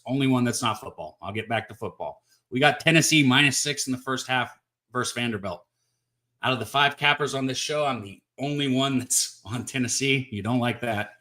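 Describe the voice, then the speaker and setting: Upbeat, chatty male sports host from Texas with a bright, forward voice. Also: mid-range voice. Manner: upbeat, chatty, talks straight to viewers. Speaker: sports betting show host. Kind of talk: casual live-stream sports talk.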